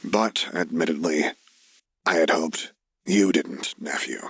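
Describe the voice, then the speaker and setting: A man doing a bone-tired, husky old uncle. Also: a bass voice, slow, dry recording, studio quality, heavily acted. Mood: weary, resigned. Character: weary, grieving middle-aged male farmer uncle.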